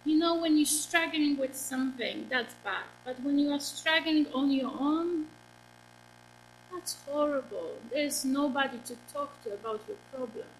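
Slow, high-voiced woman preaching. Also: a little hiss or hum, poor audio. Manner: earnest, asks the congregation questions. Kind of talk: sermon.

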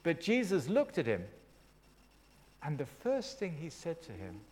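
A man's voice: on the high side, huge pitch swings, measured pace, darkish tone. A man preaching a sermon, retelling a story with dramatic flair and friendly asides to the congregation.

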